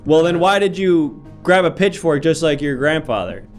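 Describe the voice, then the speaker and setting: Brisk mock-formal host as a judge. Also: male voice, a little high, expressive, faint music behind. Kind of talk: improv comedy livestream.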